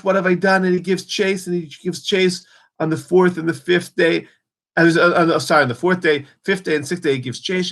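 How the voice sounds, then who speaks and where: A man's voice: mid-range voice, a bit bright. Guy giving a holiday lesson, earnest, acts out the quotes a bit. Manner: earnest, storytelling, dramatizes quotes. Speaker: teacher. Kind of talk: holiday teaching talk.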